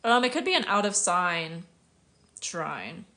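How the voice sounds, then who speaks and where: American lady in her 30s doing a chatty livestream q&a, bright voice, laughs a lot. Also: lowish voice, sing-song, takes it slowly. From United States. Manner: casual, chatty, laughs often, reads viewer comments aloud. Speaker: astrologer.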